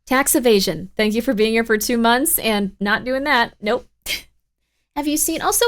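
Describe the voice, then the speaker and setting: A woman's voice: high voice, expressive, normal speed. A young woman hosting a live stream, chatting casually and reading viewer messages in a bubbly, rambling way full of fillers. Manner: bubbly and rambling, filler-heavy with frequent 'like'. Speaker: livestream host.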